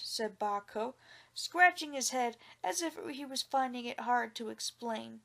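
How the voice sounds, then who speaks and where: A woman narrating a folk tale in an expressive storybook reading. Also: on the high side, a little slow, creaky.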